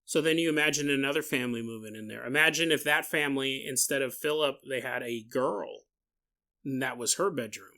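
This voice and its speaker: Bright-voiced joking podcast host man. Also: mid-range voice, a little fast. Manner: rambling, jokey, laughs often. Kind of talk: casual storytelling podcast.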